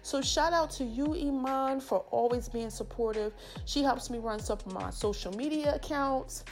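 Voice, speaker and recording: Chatty New woman, slightly high voice. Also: moderate pace. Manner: chatty, slangy and affectionate, rambling asides. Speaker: podcast host. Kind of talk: casual shout-outs to supporters.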